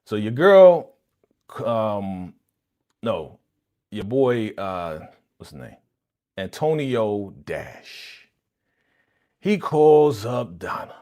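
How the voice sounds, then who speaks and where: A man hosting a live reaction stream, his pitch leaping high and low as he talks. He chats in loose slang and breaks into quick impressions of the characters. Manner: animated and slangy, acting out characters' lines. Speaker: channel host reacting to a TV episode.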